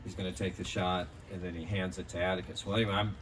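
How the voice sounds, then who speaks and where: Male eulogist, slightly low voice, chatty and rambling, picked up from a distance outdoors. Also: flat delivery, fast talker, a bit bright. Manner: rambling, anecdotal, many fillers. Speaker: speaker at a memorial. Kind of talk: storytelling memorial tribute. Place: outdoors in a park. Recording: distant mic outdoors, faint background noise.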